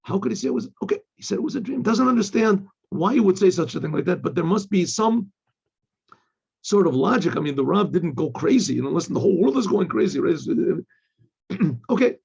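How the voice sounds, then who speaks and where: Gravelly high-voiced rabbi telling a story. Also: male voice, a little fast. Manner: animated storyteller, acts out quoted voices, repeats words. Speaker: rabbi teaching. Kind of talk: storytelling lesson. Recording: dull lo-fi recording.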